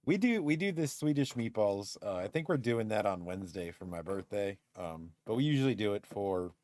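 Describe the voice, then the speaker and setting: A man's voice: on the low side, animated, a little fast, darkish tone. A man co-hosting a live stream, chatting easily and laughing often as he rambles. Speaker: podcast co-host. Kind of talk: casual chat on a live stream.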